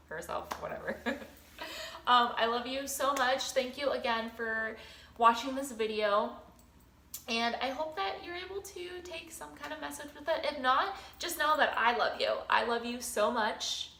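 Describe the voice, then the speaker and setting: A woman's voice: on the high side, bright, forceful tone, roomy sound, a little hiss or hum, poor audio. A woman talking casually to her viewers in a rambling, affectionate way, full of fillers and little laughs. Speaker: vlogger. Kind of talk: casual spiritual vlog talk.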